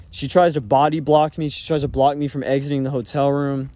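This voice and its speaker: Brisk and with few pauses, this man's mid-range voice carries a dark tone and stays level. He rambles casually through a personal story, leaning heavily on fillers and swearing often.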